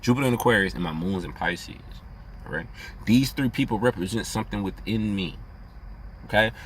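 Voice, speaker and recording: A young adult man in a casual, rambling vlog monologue, cursing freely and getting animated, laughing often. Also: lowish voice, a little fast, a little hiss or hum. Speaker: astrology vlogger.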